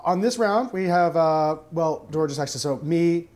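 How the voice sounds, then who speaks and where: A man taking his turn in a tabletop role-playing game. He talks casually with plenty of pauses and fillers, and his voice sits slightly high. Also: expressive, darkish tone. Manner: hesitant, with many fillers. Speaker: player.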